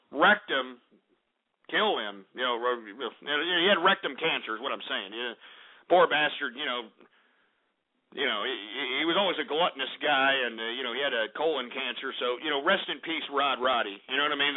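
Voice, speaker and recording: A man hosting a call-in radio show, brash and insulting, rambling with lots of fillers. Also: fairly high pitch. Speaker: radio host. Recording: tinny phone-like radio sound.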